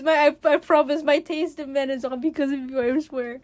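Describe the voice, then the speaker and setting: A young woman hosting a casual podcast chat, excitable and laughing often, swearing freely. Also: sits high, brisk, hardly any pauses. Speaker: podcast host.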